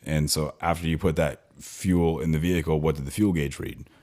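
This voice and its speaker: A man's voice: a bass voice, fairly even intonation, moderate pace, a little mellow. A man co-hosting a podcast, talking in a matter-of-fact way and introducing the listener mail. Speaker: podcast co-host. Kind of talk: casual chat.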